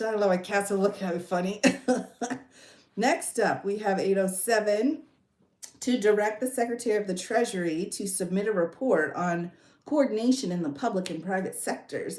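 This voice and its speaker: A woman hosts a casual livestream, reading bills aloud and reacting with chatty asides. Her pitch swings up and down a lot as she talks. The room around her gives a roomy echo, and her voice sits at a medium pitch. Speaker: legal commentary host.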